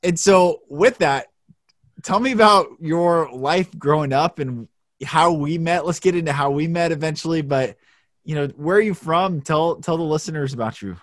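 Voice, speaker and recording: An upbeat man hosts a podcast chat, lively and quick to laugh. He is from Washington State, and his voice sits fairly high for a man. The recording is dry and close, with no room sound. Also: dry recording. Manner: upbeat and animated, laughs often. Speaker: podcast host. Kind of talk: conversational podcast interview.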